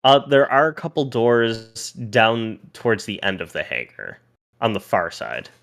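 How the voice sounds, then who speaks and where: Bright, clear-voiced man running a game. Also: lowish voice, sing-song. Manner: restarts and pauses while describing scenes. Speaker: game master. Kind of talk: narrating a tabletop game.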